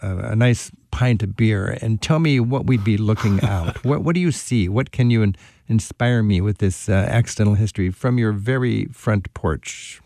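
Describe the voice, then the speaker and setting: Gravelly low-voiced male radio host. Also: normal speed, dark tone, no room sound, studio quality. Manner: enthusiastic, folksy, with frequent fillers. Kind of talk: conversational radio interview.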